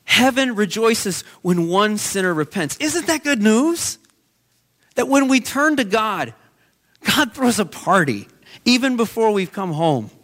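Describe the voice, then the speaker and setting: A man's voice: high voice, sing-song, a little slow, a bit bright. A man preaching a sermon as pastor, telling a story in an earnest way.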